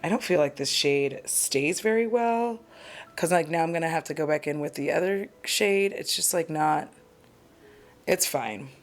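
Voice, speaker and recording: Speaking in a low-pitched voice at a moderate pace, a woman films a casual get-ready-with-me vlog as she does her makeup at home. This beauty vlogger rambles in a chatty, candid way and pokes fun at herself.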